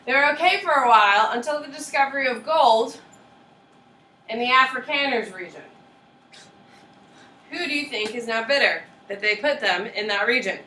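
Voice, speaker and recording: Lively woman teacher in a roomy classroom. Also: fairly high pitch, normal speed, long pauses, a little hiss or hum. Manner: lively, checks in with students often. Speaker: history teacher. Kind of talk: classroom lecture. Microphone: far camera. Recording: roomy classroom audio from a distant camera.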